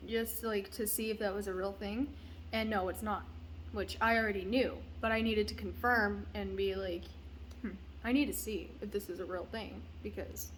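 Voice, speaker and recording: A woman's voice: on the high side, slight background noise. A young woman and mother telling a story casually, rambling with fillers and swearing. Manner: rambling, profane, uses many fillers. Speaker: parent.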